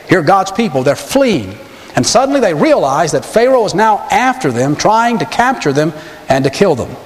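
A man preaching a sermon as pastor, telling a scripture story with animated, dramatic emphasis. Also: on the high side. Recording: long reverb of a large hall.

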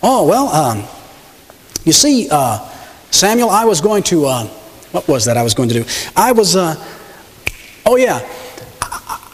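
A man's voice: on the high side, sing-song, unhurried, long pauses. A man voicing a flustered king who stammers and hesitates while making excuses. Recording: long hall reverb.

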